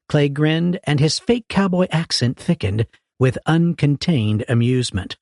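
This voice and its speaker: Husky, lively male audiobook narrator. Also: mid-range voice, slow pace, no echo. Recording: dry close recording.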